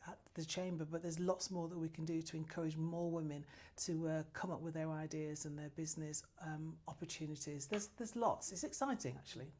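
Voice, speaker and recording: A woman's voice: sits low, warm tone. A woman answering interview questions as a new business chamber president, passionate and effusive, with frequent restarts.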